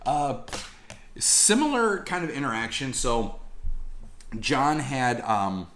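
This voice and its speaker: A man telling casual vlog stories in a slangy, animated way, swearing freely. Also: medium pitch, takes it slowly. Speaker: collectibles vlogger.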